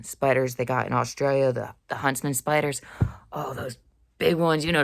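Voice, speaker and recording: A woman's voice: extremely low pitch, creaky, no echo, clean studio sound. A young woman in a dorm room talking casually into the camera, rambling in a slangy, blunt way. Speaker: vlogger. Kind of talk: casual monologue.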